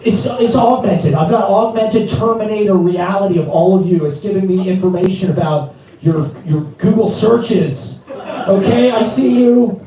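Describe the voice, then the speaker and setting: A man's voice: high-pitched, a little slow, distant mic. A man hosting an open mic night at a bar, joking around and hyping up the crowd. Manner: joking, loud and playful. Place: bar with a live audience. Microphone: stage microphone. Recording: echoey room from off-mic, music behind.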